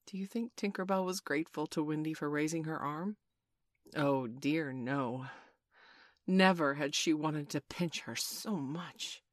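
Low-voiced woman reading a storybook. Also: a little slow, no echo, studio quality. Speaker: audiobook narrator. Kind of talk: storybook narration.

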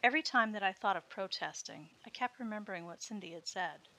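A woman narrates a scripted story in a steady first-person manner, her voice bright and forward. The pitch sits in a middle range for a woman. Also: fast talker.

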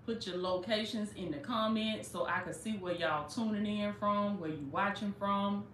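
A woman's voice: medium pitch, normal speed, slight background noise. A woman hosting a casual preaching livestream. She greets viewers over and over and calls them "baby.". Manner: warm, repetitive welcoming, calls listeners "baby". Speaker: livestream host and life coach. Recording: echoey room.

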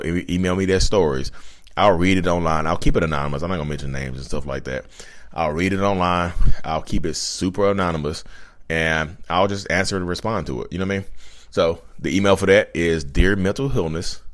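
A man hosting his own channel, talking casually and animatedly to his listeners and calling them y'all over and over. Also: sits low. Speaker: self-aware narcissist channel host. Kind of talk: casual direct-to-camera talk. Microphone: podcast-style recording.

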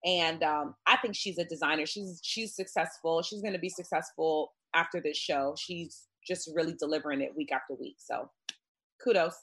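A relaxed woman on a panel gives her opinions in a casual chat. Her voice sits somewhat low. She pauses often with fillers like um and like. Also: slightly rough.

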